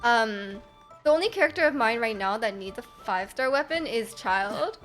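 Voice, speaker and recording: Woman game streamer, rambling and giggly, slightly high, soft game music under her. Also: expressive, normal speed. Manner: rambling, giggly, lots of fillers. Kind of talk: casual chat while gaming.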